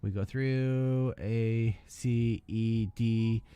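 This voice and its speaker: A man's voice: medium pitch, fairly even intonation, drawn-out words, mellow, clear, resonant tone, no room sound. A man hosting a live hobby stream, chatting loosely with lots of fillers and half-finished thoughts while building a model kit. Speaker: hobby channel host.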